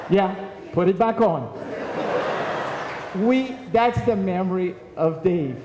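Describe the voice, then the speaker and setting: A man's voice: high voice, animated, slow pace, pauses often, dull audio, background noise. A man giving a eulogy in a large church, telling stories and acting out the voices of the people in them. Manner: storytelling, acting out quoted voices. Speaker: eulogy speaker. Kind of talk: eulogy with anecdotes. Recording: echoey hall from far off.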